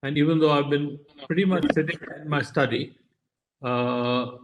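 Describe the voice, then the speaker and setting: A man's voice: on the high side, moderate pace, dull audio, noisy background. A man from India who makes content, giving casual, hesitant panel remarks from his home study. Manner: hesitant, with many fillers. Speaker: content producer.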